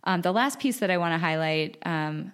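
A woman in her thirties talks through her own podcast from home, enthusiastic and loose, with plenty of ums along the way. Her voice sits a little low for a woman. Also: lively intonation, fairly quick, smooth. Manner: chatty, enthusiastic, filler-heavy. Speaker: podcast host. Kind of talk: casual solo podcast talk.

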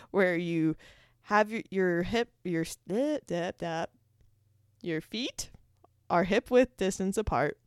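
A young woman hosting her own podcast, talking casually in an animated, chatty way with laughs and restarts. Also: on the low side, no echo, studio quality. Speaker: podcast host. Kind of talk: casual solo podcast talk.

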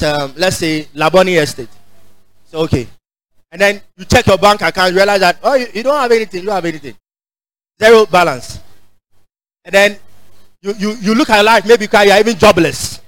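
A Ghanaian man preaches with a high, ringing voice, leading his congregation in call and response. He repeats his points for weight and climbs into shouts at the peaks. The sound is close and dry, with little room echo. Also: animated, normal speed, long pauses. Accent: Ghanaian English. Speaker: pastor. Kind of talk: sermon.

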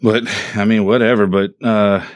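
Low-voiced man hosting a casual chat. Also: level tone, normal speed, no echo. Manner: laid-back, laughs often, steers talk back on topic. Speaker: podcast host.

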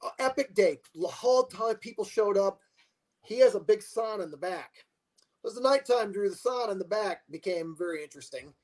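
Older male guest; high, very animated voice; rambling anecdote-teller. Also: brisk, rough recording. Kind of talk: casual storytelling.

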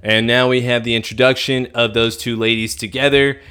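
Wry man with a smooth voice. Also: mid-range voice, flat delivery, fairly quick, sharp tone. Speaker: podcast co-host. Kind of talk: casual recap chat.

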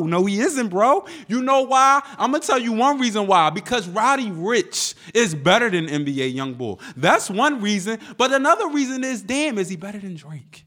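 A man's voice: high voice, expressive, moderate pace, hardly any pauses, bright, forceful tone. Fired-up, profane male podcast host. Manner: heated, profane, emphatic. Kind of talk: casual ranting podcast talk.

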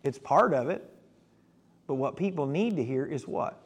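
Male preacher with a somewhat high voice, emphatic storyteller, quizzes his congregation. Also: expressive, moderate pace, breathy edge. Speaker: pastor. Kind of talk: sermon.

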